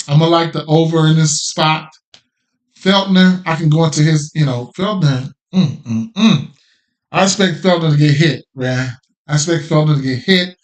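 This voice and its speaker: A man with a slightly higher voice hosting a sports betting podcast. He talks casually through his picks in loose street slang, repeating phrases and tossing in "right?" as he goes. The delivery is relaxed and off the cuff.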